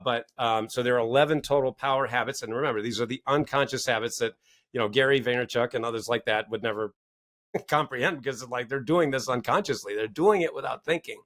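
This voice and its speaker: A middle-aged man, a podcast guest and author, talking in an excitable, storytelling way and acting out scenes with big jumps in his voice. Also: medium pitch, fast talker. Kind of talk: animated conversational storytelling.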